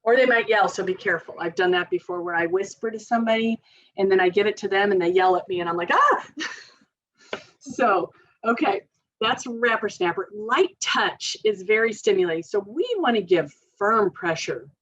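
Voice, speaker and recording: Woman therapist, casual training talk, chatty, lots of ums, mid-pitched, dull lo-fi sound. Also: normal speed. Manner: chatty, informal, many fillers, laughs often. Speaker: occupational therapist. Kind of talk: parent training presentation.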